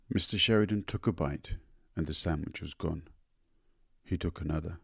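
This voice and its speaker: A man narrating an audiobook of a short story in a measured, unhurried manner. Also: rumbling low, fairly even intonation, vocal fry, breathy edge, no room sound, studio quality.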